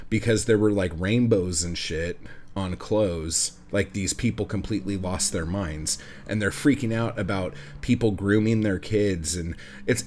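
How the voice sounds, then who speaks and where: A man's voice: on the low side, darkish tone. A man hosting a podcast, delivering a heated, sarcastic rant packed with profanity. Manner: swears constantly, heated and sarcastic. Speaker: podcast host. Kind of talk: profane ranting monologue.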